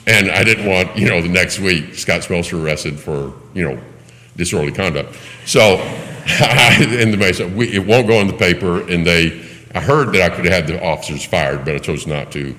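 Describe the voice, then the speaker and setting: A man preaching to a congregation, telling a personal story in an animated way, acting out the voices of the people in it and laughing now and then. His voice sounds bright and forward, and a long reverb from a big church hall trails after each phrase. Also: deep voice, normal speed. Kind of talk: sermon storytelling.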